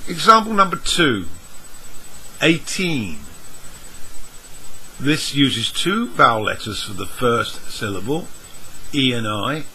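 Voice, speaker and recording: A man teaching English vowel sounds, spelling out letters and sounds one at a time in a measured lesson. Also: medium pitch, lively intonation, sharp tone, a little hiss or hum, low-quality recording. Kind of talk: slow, deliberate lesson explanation.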